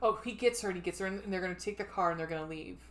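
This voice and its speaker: A woman's voice: lowish voice, racing, slight background noise. A woman co-hosting a podcast, chatting casually and retelling a movie plot with lots of swearing and fillers. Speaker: podcast co-host. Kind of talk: casual chat.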